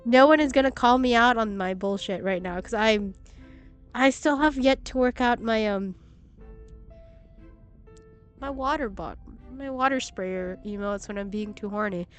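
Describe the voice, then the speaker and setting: Excitable young woman streaming a game. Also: fairly high pitch, clear, resonant tone. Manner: excitable, gushing, swears freely. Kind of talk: casual gameplay commentary. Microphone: laptop stream mic.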